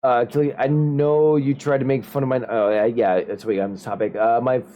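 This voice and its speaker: Brisk and medium-pitched, this Upper Midwest streamer host tells animated, rambling, joking stories during a casual chat. The sound has a phone-like quality.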